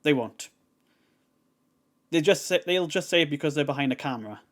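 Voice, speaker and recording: A man's voice: on the high side, expressive, normal speed, a bit bright. A man hosting a reaction video, talking in a rambling, exasperated way with lots of fillers. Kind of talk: casual commentary.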